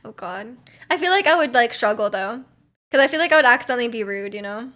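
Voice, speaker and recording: A woman's voice: a little high, animated, fast talker, bright, forceful tone. A young woman from Canada, streaming and chatting casually while reading viewer messages, rambling with lots of fillers and giggly asides.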